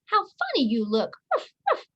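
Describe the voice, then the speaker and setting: A woman's voice: sits high, wildly swooping pitch, unhurried, fairly bright tone, pitched above the performer's own voice, full character voice. A woman doing a barking, mocking farm dog. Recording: dull lo-fi audio.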